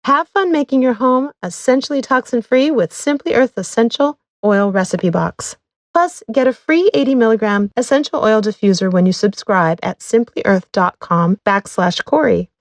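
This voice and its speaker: A woman reading a scripted sponsor ad in an upbeat, even sales delivery. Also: a little high, normal speed, no room sound. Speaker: ad reader. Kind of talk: scripted ad read.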